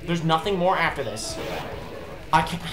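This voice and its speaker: A low-voiced woman hosts a let's play, commentating on the game at a normal pace in an expressive, exasperated rant full of swearing. The recording has a roomy echo, with game music playing behind her.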